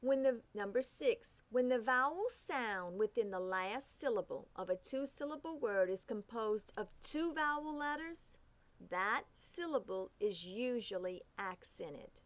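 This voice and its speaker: A woman teaching phonics rules, reading each rule slowly and carefully, sounding out the letters. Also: fairly high pitch, animated, no room sound. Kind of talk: phonics lesson.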